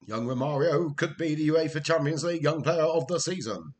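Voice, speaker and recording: A man's voice: fairly high pitch, fairly quick. An older man, chatting casually to his stream viewers while he plays a football management game, rambling and chuckling as he goes. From Wales.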